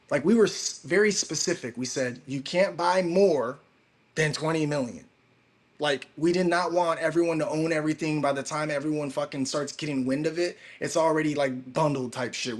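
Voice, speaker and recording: A man hosting a crypto livestream, telling a story in a casual, profane, slangy way. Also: on the high side.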